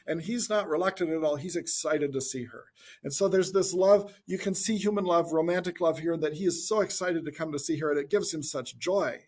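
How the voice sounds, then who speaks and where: A man giving an informal Bible teaching talk in a gentle, reflective way, thinking aloud as he goes. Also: fairly high pitch, brisk.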